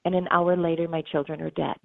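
A middle-aged woman, a bereaved mother and author appearing as an interview guest, tells an emotional story in a fairly low, gravelly voice with a level tone and quick pace. She is earnest, acts out the voices of others, and laughs through tears. The tinny, phone-like line has no room sound.

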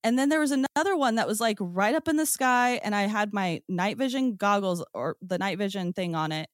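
A woman guest on a podcast, telling her own story in a casual, excited way, with lots of "like" and "um". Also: mid-range voice, a little fast, dry recording, studio quality. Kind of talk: casual first-person storytelling.

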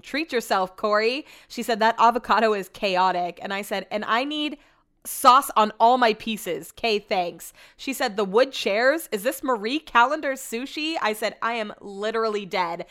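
A young woman hosts a casual podcast, gossiping about a reality show in an animated, chatty way. Her voice is smooth and clear at a middle pitch. She reads out texts from a friend as she goes. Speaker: podcast host. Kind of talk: casual chat.

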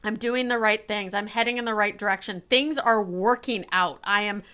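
A woman hosting a casual interview, talking as a coach in an animated way and acting out the voices she quotes. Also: medium pitch, normal speed, smooth. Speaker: podcast host and coach.

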